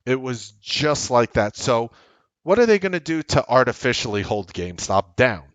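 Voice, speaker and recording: A man's voice: medium pitch, moderate pace, clean tone, dry recording. A man hosting a trading show, giving casual, rambling market commentary with blunt language. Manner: animated, rambling, blunt with profanity.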